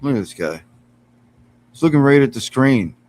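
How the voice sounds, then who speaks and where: A man's voice: medium pitch, lively intonation, moderate pace, darkish tone, low-quality recording. A man streaming casually from home, chatting with viewers, laughing often and cooing at his cat, sitting some way from his computer mic. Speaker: live streamer. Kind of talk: casual live-stream chat. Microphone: computer mic some distance away.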